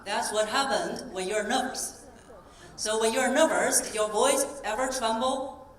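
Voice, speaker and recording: A woman voice coach giving a live stage talk, coaching the audience through breathing exercises in a clear, encouraging tone. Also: a little high, measured pace. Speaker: voice coach and keynote speaker. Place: convention hall stage. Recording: roomy hall sound from a distance.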